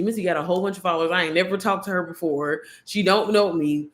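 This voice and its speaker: A woman's voice: lowish voice, steady tone, fast. A woman YouTuber telling a story to her viewers, candid and slangy, swearing freely and calling them y'all.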